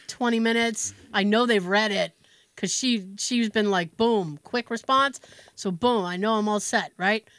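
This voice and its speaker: An American podcast co-host with a mid-range, slightly bright voice tells a story at a measured pace during a casual chat, acting out both sides of a phone call. The recording is dry.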